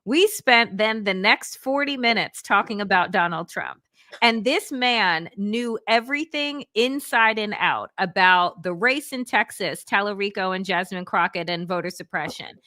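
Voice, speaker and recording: A woman political analyst co-hosting a casual talk show, telling an animated story and acting out what other people said. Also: medium pitch, unhurried. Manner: animated, acts out quoted voices, laughs often.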